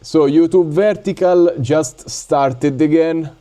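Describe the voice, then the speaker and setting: A man with an Italian accent talks casually on a drone-building livestream, stopping and restarting with fillers. His voice sits fairly high for a man but sounds dark and mellow. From Italy. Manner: halting, with many fillers and laughs. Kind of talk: casual live-stream chat.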